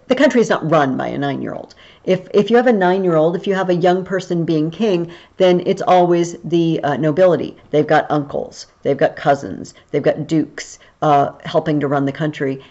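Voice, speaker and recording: Woman, history teacher, chatty video-lesson delivery, slightly low voice, muffled lo-fi recording. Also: a little mellow. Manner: chatty, explaining aloud.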